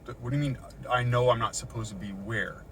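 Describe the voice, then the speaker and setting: A man's voice: mid-range voice, fairly even intonation, brisk, a little hiss or hum. A shaken middle-aged man in a parked car, giving an agitated account with swearing and repetition, recorded on a phone. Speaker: vlogger recounting an encounter. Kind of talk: agitated first-person account. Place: inside a parked car in a parking lot.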